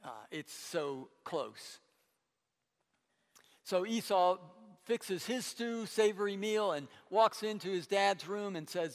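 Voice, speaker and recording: A man preaching a sermon, retelling a Bible story in a conversational way, with stammered restarts and animated quoting. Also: high voice, takes it slowly, long reverb tail.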